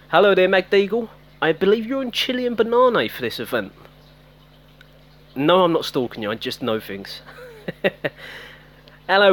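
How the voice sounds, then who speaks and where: A man's voice: on the high side, fairly bright tone. A man giving casual live-stream commentary on a mobile game, chatting with viewers by name. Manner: chatty, talks to viewers by name, self-teasing.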